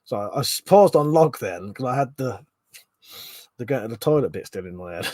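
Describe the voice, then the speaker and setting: Hosting a relaxed livestream from his bedroom, a man reads chat aloud, swearing often, chuckling, and muttering asides. His mid-range voice is animated and a little mellow at a moderate pace, in a dry recording.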